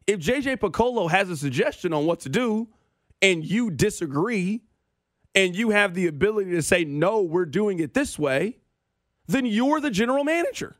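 A man's voice: high-pitched, lively intonation, fairly quick, no echo. A man hosting a sports radio show, ranting with opinions and dry sarcasm.

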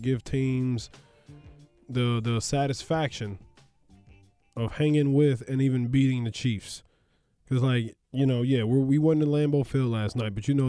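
A man's voice: mid-range voice, no room sound, studio quality. Laughing, rambling male sports podcast host. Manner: animated, laughs often, rambling asides. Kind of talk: casual sports talk.

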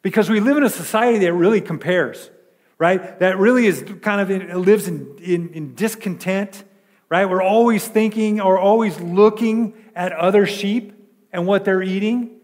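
A man's voice: high voice, moderate pace, darkish tone, long reverb tail. A male pastor preaching a sermon in a chatty way, full of repeated words and rhetorical questions.

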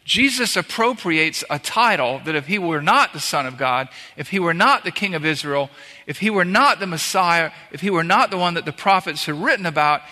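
A man's voice: fairly high pitch, lively intonation, moderate pace, pushed and bright. A man preaching a conversational sermon, acting out the lines he quotes. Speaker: pastor. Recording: long hall reverb.

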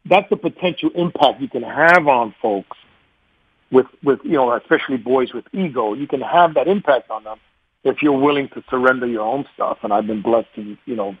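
A man in his forties, a guest telling stories in a casual interview, animated, laughing often, and repeating words as he starts sentences. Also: mid-range voice, normal speed, breathy edge, no echo, narrow, tinny audio. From New York.

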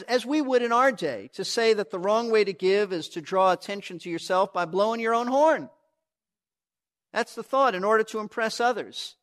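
A man's voice: sits high, a bit bright. A pastor preaching a sermon to his church, earnest and emphatic, often restarting a phrase as he teaches.

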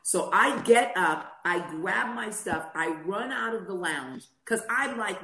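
A woman's voice: medium pitch, lively intonation, slow pace, few pauses, sharp tone. A middle-aged woman co-hosting a faith talk show, telling a personal story and acting out the dialogue. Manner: storytelling, acts out quoted dialogue. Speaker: podcast co-host. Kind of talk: personal testimony in casual chat. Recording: roomy echo.

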